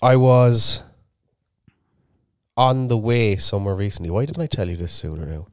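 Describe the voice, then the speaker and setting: A man's voice: on the low side, animated, normal speed, no echo. A man, co-hosting a podcast and telling a long sweary story in casual chat. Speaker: podcast co-host.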